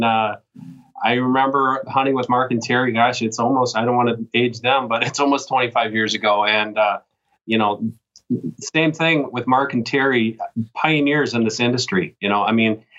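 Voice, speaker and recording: A man's voice: mid-range voice, fairly bright tone. Modest male guest on a dull remote line. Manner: modest, with frequent filler pauses. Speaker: guest, magazine editor. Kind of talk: casual interview talk.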